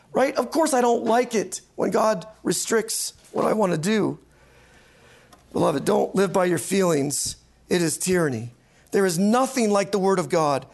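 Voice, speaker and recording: High-voiced man teaching with emphasis. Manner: emphatic, repeats key points, asks "right?". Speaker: pastor and counseling instructor. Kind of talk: teaching lecture.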